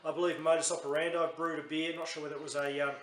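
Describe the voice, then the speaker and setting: A man's voice: a little high, level tone, racing, a bit bright, roomy sound, a little hiss or hum. An Australian man reviewing a beer in a casual, chatty, rambling way, often correcting himself mid-sentence.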